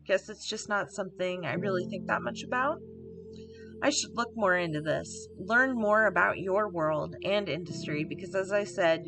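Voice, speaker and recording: A woman's voice: medium pitch, vocal fry. A woman giving casual gameplay commentary, reading on-screen emails aloud and adding offhand asides. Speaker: let's play gamer. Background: game music.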